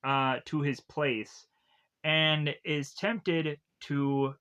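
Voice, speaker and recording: A man's voice: fairly high pitch, steady tone, bright, forceful tone, smooth. A man casually retelling a film's plot in a rambling way, full of fillers and restarts. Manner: rambling, filler-heavy retelling with quick acted quotes. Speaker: film reviewer.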